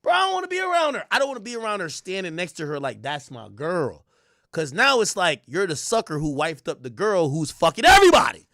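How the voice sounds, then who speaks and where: Male streamer, casual crude commentary to chat; lively pitch, dry booth sound. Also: quick pace, few pauses, dry recording. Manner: crude, animated ranting with frequent laughs. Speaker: livestream host.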